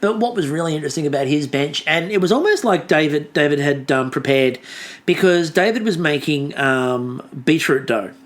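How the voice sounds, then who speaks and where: A man's voice: a little high, lively intonation, moderate pace. A man co-hosting a podcast, recapping an episode in a rambling, chatty way. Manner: rambling, chatty, many fillers and restarts. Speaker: podcast co-host.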